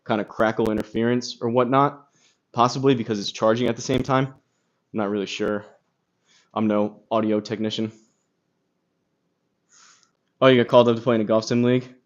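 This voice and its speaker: A man talks to his live-stream viewers about his golf practice, rambling and reading out their comments between thoughts. His voice sits in an ordinary middle range. The phone audio sounds a little muffled, with some crackle. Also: medium pitch. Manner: rambling, lots of fillers, reads chat aloud. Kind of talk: casual live-stream chat.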